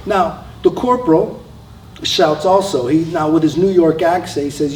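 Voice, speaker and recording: Guy telling a war story at a live show, kinda high voice, roomy sound, mic a bit far off. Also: moderate pace, a little hiss or hum. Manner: conversational, with frequent fillers and restarts. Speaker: storyteller, Army veteran. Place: stage at a live showcase.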